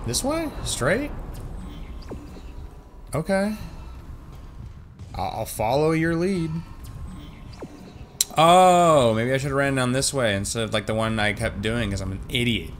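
A young man gives casual let's-play commentary on a horror game. He jokes around, lets out sudden yelps and shouts when scared, and his usual talk stays unhurried. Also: mid-range voice, expressive, slight background noise. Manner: jokey and jumpy, yelps and shouts when startled. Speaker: gaming channel host.

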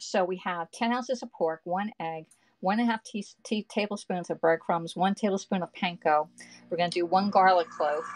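A woman hosts a live cooking stream from her home kitchen, talking casually to viewers and reading their comments aloud. Her voice sits a little low. Faint background noise comes through her phone mic. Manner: chatty, reads viewer comments aloud, talks to the audience with "y'all" and "okay".

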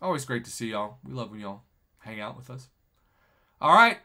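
A man with a mid-range voice, speaking at a moderate pace, is streaming a mobile game live. He's excitable and chats casually, laughing as he reads viewers' comments aloud.

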